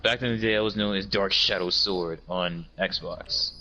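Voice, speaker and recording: A man in casual podcast chat, telling a story with lively energy. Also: normal speed, lo-fi sound, faint music behind. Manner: animated storyteller, mimics opponents in high squeals.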